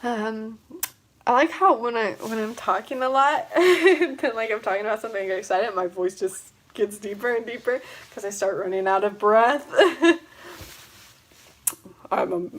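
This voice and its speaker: A young woman chatting casually on a livestream, rambling with lots of fillers and frequent giggles. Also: a little high. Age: young adult. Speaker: vlogger.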